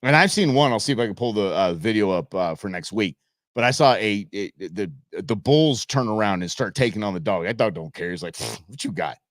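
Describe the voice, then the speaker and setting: A man hosting a live show, commenting on videos in an animated, joking way. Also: lowish voice, fairly quick, no echo, studio quality. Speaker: host.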